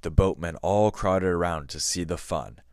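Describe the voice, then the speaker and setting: A podcast host with a very deep, slightly mellow voice reads a story aloud in a measured, scripted manner. The recording is dry and close, with no room sound.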